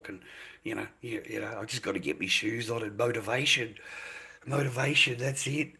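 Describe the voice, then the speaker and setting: A man's voice: medium pitch, moderate pace, creaky, sharp tone, breathy edge. Rambling older man streaming. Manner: rambling, repeats himself, calls viewers mate and boys. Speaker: livestreamer. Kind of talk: rambling livestream chat.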